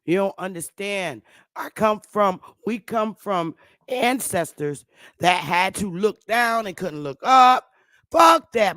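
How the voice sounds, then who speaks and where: A woman's voice: mid-range voice, a bit bright, no echo, clean studio sound. A woman talking straight to the camera in a casual monologue, blunt, heavy on profanity and emphatic. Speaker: online commentator.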